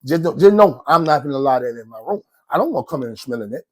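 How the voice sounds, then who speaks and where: A man's voice: mid-range voice, expressive, quick pace. A man, casually telling his own story in a slangy, rambling way and often checking in with the listener. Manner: slangy, rambling, keeps asking "you know what I'm saying".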